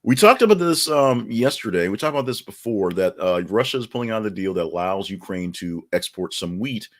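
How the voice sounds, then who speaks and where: A man with a very low, deep voice talks through the day's headlines in a loose, rambling way. He fills gaps with ums and uhs and drops in wry asides as a podcast host. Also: expressive, a little fast. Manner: rambling and chatty, many fillers, wry asides. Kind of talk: casual news commentary.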